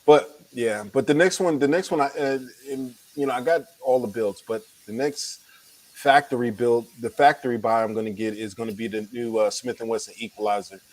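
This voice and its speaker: A man's voice: medium pitch, fairly even intonation, brisk, poor audio. A man co-hosting a late-night chat, talking casually and rambling with restarts, a little tired. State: tired, yawning. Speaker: podcast co-host.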